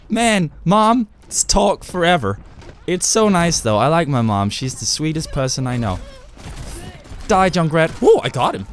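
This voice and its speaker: A young man giving excitable live gameplay commentary, with loud outbursts and swearing. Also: a little high. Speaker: gamer streamer.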